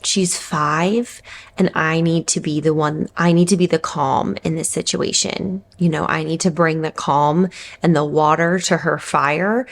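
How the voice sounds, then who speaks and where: A woman's voice: low voice, steady tone, measured pace, creaky. A woman in her thirties, a mother vlogging, telling a personal story in a candid, reflective, conversational way.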